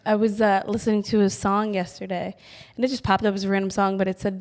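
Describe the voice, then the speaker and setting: A young woman co-hosts a podcast with lively, giggly energy. Her voice sits at a middle pitch, and she talks as if she is picturing every scene she describes. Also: quick pace. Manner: animated, giggly, visual storyteller. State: pregnant. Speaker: podcast co-host. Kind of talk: casual chat.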